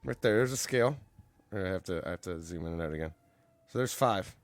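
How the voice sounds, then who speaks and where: A man's voice: deep voice, animated, brisk, no room sound. A young man co-hosting a podcast, teasing and playful in casual chat. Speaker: podcast co-host.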